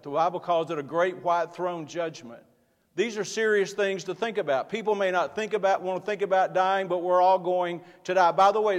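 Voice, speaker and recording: A man preaching a sermon as pastor, earnest and building in force as he speaks. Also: sits high. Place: church sanctuary. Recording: long hall reverb.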